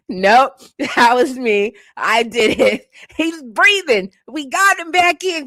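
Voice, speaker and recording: A woman hosting a live stream in casual chat, laughing often and breaking into loud exclamations. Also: high-pitched, animated, very slow, no echo, clean studio sound. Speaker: livestream host.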